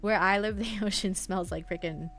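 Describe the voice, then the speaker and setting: Young female streamer, gentle low-key delivery, mid-pitched, soft music bed behind. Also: steady tone, moderate pace. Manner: soft-spoken, mumbling, drifting thoughts. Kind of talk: relaxed live-stream chat. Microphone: headphones half off, desk mic.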